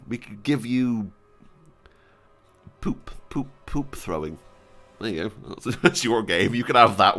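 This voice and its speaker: A young man chatting casually and excitedly as a streamer, joking and giggling between wishes. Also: medium pitch, a little slow. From Britain. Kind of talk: casual gaming chat.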